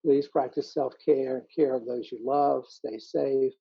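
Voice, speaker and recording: A man giving a calm, measured dharma talk as a meditation teacher over a video call. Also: mid-range voice, creaky, slightly rough, no room sound. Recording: muffled video call audio.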